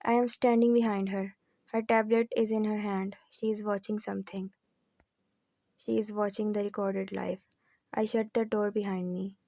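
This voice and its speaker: A woman reading a novel aloud in the first person, with calm, even storytelling. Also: medium pitch, normal speed, no echo. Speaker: audiobook narrator.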